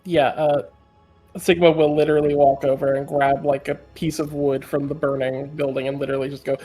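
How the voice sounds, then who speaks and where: A man's voice: a little high, little pitch movement, fairly quick, mellow, slightly rough, faint music behind. A man playing in a tabletop game, talking casually with lots of "like" and "literally". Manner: casual, filler-heavy, repeats "like" and "literally".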